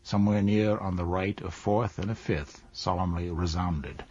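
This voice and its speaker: A man narrating a classic novel as an audiobook in a measured, even storytelling manner. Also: sits low, a little hiss or hum. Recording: dull dry lo-fi recording.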